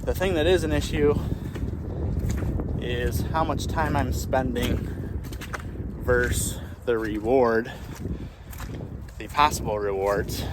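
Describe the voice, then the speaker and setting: A man's voice: mid-range voice, slow, pauses often, very noisy. Man rambling while walking his pasture. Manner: thinks aloud, rambling with frequent restarts. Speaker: small farmer and channel host. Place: outdoors on a farm pasture.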